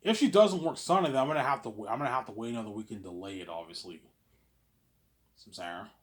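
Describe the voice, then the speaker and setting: A man's voice: medium pitch, lively intonation, fast talker. A man speaks to camera in a loose, rambling monologue. He stutters through filler words and repeats himself often, with a middling voice and an everyday delivery. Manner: stammering, repeats words, keeps saying "obviously". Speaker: vlogger.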